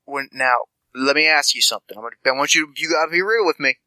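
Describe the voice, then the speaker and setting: A man's voice: medium pitch, quick pace, bright, forceful tone, dry recording, low-quality recording. A man voicing a scatterbrained, spindly male street informant who rambles and stammers affectionately. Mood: rambling.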